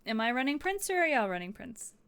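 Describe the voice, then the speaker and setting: A woman's voice: high-pitched, sing-song, quick pace, fairly bright tone, smooth. A young woman narrating as game master in a chatty, laughing way with many fillers.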